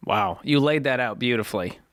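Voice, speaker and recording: A man's voice: medium pitch, lively intonation, a little fast, fairly bright tone, dry recording, studio quality. A man co-hosting a call-in radio show, giving a caller direct, earnest advice.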